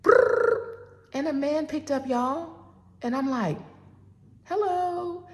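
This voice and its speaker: A woman in her forties telling a personal story in a casual, animated way. She acts out both sides of a phone call and keeps talking straight to her listeners. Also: high-pitched, takes it slowly. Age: 40s. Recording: long reverb.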